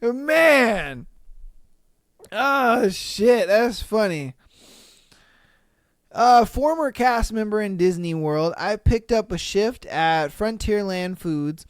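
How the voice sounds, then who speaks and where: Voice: medium pitch, lively intonation, slow pace, pauses often, no echo, clean studio sound. A podcast host casually reading online stories aloud and reacting with frequent laughter and profane slang.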